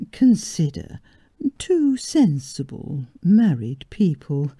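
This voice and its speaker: Slow, expressive woman story reader. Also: sits low, no room sound, studio quality. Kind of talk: reading a story aloud.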